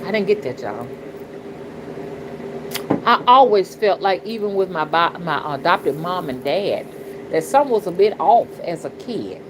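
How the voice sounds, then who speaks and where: There's noticeable background noise as a middle-aged woman, a spiritual reader hosting her own channel, greets chat on a casual livestream. She preaches bluntly and profanely, often checking "you understand?" Her voice sits on the low side with big pitch swings, a measured pace, and long pauses.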